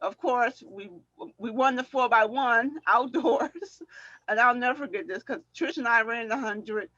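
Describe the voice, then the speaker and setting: A middle-aged woman, a former track athlete, telling animated stories in a casual chat and acting out what people said, often laughing. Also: a little high, a little slow, no room sound, muffled recording. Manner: animated storyteller, acts out quotes, laughs often.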